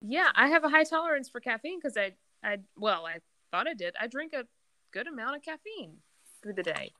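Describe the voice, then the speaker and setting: A woman's voice: a little high, sing-song, a little fast, pushed and bright, no echo. A woman co-hosting a podcast from her home, chatting enthusiastically and telling a story with plenty of fillers. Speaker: podcast co-host. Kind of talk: casual chat. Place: at home near the kitchen.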